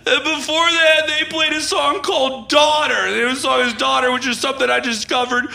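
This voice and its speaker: A man playing a dumped young radio DJ who rants in bursts and keeps cracking between shouting and near-tears, in a comic monologue. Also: very high voice, fairly even intonation, normal speed, gravelly, echoey room, heavily acted. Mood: unravelling. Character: heartbroken young male rock radio DJ, ranting.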